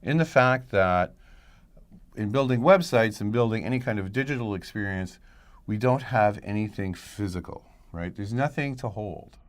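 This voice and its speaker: A man's voice: lowish voice, lively intonation, moderate pace. A middle-aged male professor giving a recorded lecture in a conversational way, thinking aloud and checking in with "right?". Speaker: college professor.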